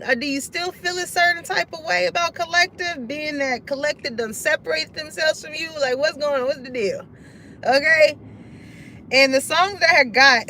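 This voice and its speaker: Woman, high voice, casual tarot reader, slangy, laughs a lot. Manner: laughs often, slangy and animated. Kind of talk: casual tarot reading to viewers.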